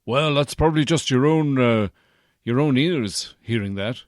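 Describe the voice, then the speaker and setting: For a comedy podcast sketch, a man voices a bumbling, self-important old Santa Claus, pitching above his natural voice and acting lightly at an unhurried pace. The accent keeps drifting between Midlands and posh English as he rambles pompously and evasively, all in clean, echo-free studio sound.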